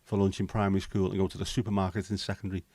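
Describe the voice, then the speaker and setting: A man's voice: low voice, little pitch movement, racing, warm tone, no echo. A man, hosting a casual livestream chat, bantering with viewers and swearing casually. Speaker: livestream host.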